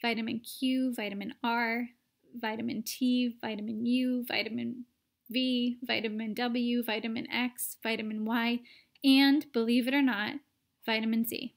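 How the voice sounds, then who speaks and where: A woman reading a children's book aloud in a lively storytelling manner with playful asides. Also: on the high side, unhurried, gravelly. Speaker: reader.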